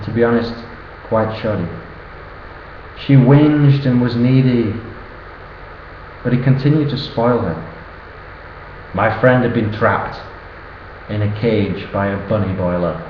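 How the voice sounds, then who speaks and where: A man's voice: medium pitch, a little slow, long pauses, slight background noise. A young man, reciting a cheeky rhyming birthday poem as a toast to his best friend. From northern England. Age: early 20s. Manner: cheeky, sing-song rhyming delivery. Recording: roomy, dull sound with faint ambience.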